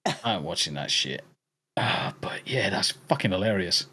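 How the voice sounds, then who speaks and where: English man, podcast host, lively swinging pitch, profane laughing banter. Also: normal speed, husky. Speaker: podcast host reading chat. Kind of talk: casual chat.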